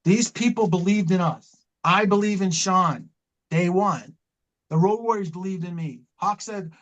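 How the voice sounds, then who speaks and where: A man's voice: high voice, lively intonation, moderate pace, fairly bright tone, lo-fi sound. A middle-aged man, a wrestling manager, telling long impassioned stories in an interview, rambling and repeating himself as he goes. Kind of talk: storytelling interview talk.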